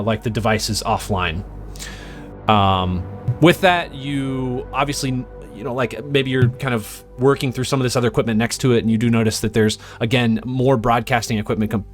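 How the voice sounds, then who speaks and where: A man running a tabletop sci-fi game as game master, describing scenes loosely with lots of fillers. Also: lowish voice.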